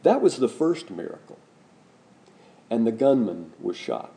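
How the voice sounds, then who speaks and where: A man's voice: mid-range voice, very animated, a little slow, dark tone. A male pastor delivering a sermon, emphatic and questioning the congregation directly. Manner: emphatic preaching with rising, pointed questions.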